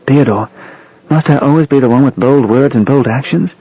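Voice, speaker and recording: A man's voice: medium pitch, moderate pace, mellow, breathy edge, lo-fi sound. A man voicing Maureen, a bold, loving young woman. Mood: tender.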